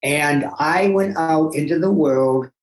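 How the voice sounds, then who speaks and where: Animated older man in a roomy echo. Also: a little high, slow pace. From Massachusetts, USA. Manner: animated and emphatic, with self-talk asides. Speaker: guest. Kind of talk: personal storytelling.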